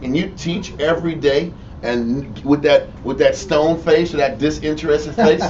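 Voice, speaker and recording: A man with a Texas accent, teaching the Bible informally in an animated, profane way and mimicking people. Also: a little high, moderate pace. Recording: lo-fi room recording from a distance with faint noise.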